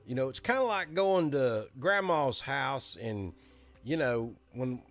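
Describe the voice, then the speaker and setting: A man's voice: mid-range voice, lively intonation, slow pace, faint music behind. A middle-aged man from Alabama with a Southern accent, hosting a casual live weather chat in a folksy, chatty way. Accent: Southern American, Alabama.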